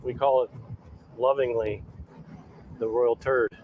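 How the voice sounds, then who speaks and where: A man, a chef, chatting casually outdoors by a boat dock and telling animated stories. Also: mid-range voice, takes it slowly, phone-quality sound, a little hiss or hum. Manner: animated, acts out quoted voices. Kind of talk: casual storytelling chat.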